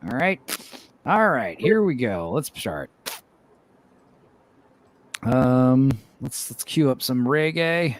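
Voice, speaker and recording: A man's voice: medium pitch, big pitch swings, slow pace, pauses often, slight background noise. A man hosting a casual podcast game night, talking loosely and laughing often. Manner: loose, rambling, laughs a lot. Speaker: podcast host. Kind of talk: casual chat while hosting a game stream.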